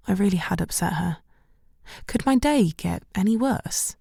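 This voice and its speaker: A woman reads a romance novel in the first person, wry and self-mocking. Her voice is low with a gravelly edge, recorded close and completely dry. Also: lively intonation, normal speed, a little mellow, dry recording. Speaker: audiobook narrator. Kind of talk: first-person scripted narration.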